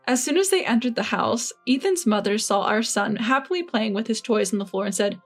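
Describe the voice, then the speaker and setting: A woman with a fairly high voice tells a first-person revenge tale in a calm, matter-of-fact way, with a smug edge. Soft music plays faintly beneath the narration. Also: a little fast, hardly any pauses.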